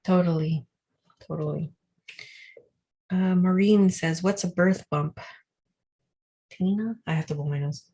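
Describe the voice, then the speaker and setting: A woman co-hosting a live online show, telling a story in a rambling, animated way full of fillers. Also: fairly low pitch, measured pace, long pauses. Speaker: co-host. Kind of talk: casual livestream storytelling.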